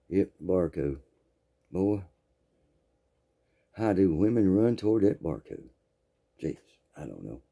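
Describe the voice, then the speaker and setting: Here a man in his sixties, Southern-accented, tells a humorous tale in a rambling, homespun style, circling back over the same words. He speaks slowly in a low, gravelly, warm voice, very animated, with long pauses.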